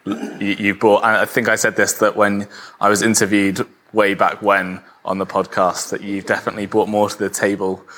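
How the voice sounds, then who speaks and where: A man's voice: fairly low pitch, level tone, moderate pace, fairly bright tone, a little hiss or hum. A man co-hosting a casual podcast chat, laughing often and stumbling over his words. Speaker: podcast co-host.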